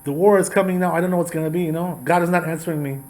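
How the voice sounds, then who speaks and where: A man's voice: on the high side, steady tone, racing, darkish tone, pitched above the performer's own voice, natural voice. Brief: male rabbi voicing a panicked old-time king, pleading, anxious, raised voice. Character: desperate frightened ancient king, adult man.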